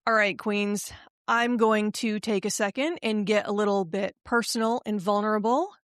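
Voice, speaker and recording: A woman hosting a motivational podcast, speaking in an emphatic, affirming way that turns halting and emotional when she gets personal. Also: medium pitch, steady tone, dry recording, clean studio sound. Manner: slow, emphatic, affirming delivery. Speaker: podcast host and life coach.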